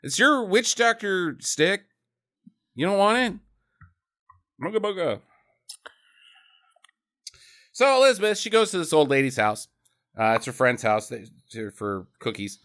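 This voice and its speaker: A man's voice: a little high, lively intonation, moderate pace, fairly bright tone. A man co-hosting a podcast, giving a rambling, profane, casual recap of a bad movie. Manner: rambling and profane, laughs often. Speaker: podcast co-host.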